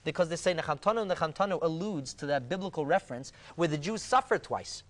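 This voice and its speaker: A man, a rabbi, explaining a Talmud passage in a discussion, emphatic and animated, acting out the quoted dialogue. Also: a little high, quick pace.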